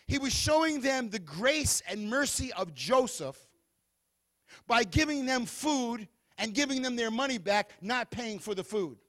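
Male preacher, very high voice, lively storytelling sermon. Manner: animated, playful storytelling.

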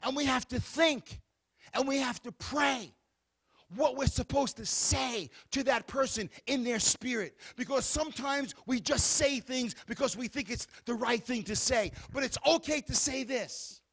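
High-voiced male preacher. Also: slightly rough. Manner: shifts from hushed, soothing passages to loud fervent exhortation; reads scripture aloud in a measured cadence. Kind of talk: sermon.

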